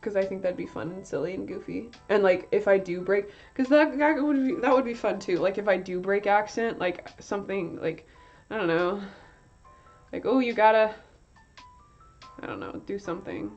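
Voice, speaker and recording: Woman streamer, chatty, self-mocking, swears a lot, slips into joke accents, slightly dull audio, soft music behind. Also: mid-range voice, normal speed. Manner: tries out playful put-on accents. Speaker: art streamer. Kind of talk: casual live-stream chat while drawing. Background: quiet chill-hop music.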